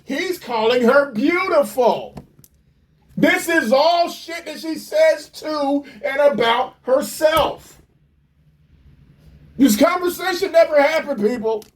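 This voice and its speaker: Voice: high-pitched, lively intonation, takes it slowly. A commentator ranting in a mocking, profane, incredulous way while reacting to a clip.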